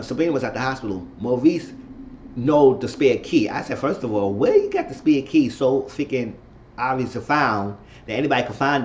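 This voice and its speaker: A man giving a casual recap of a TV episode, chatting and reacting loudly to what the characters do. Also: medium pitch, highs cut off, a little hiss or hum. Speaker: TV show reviewer.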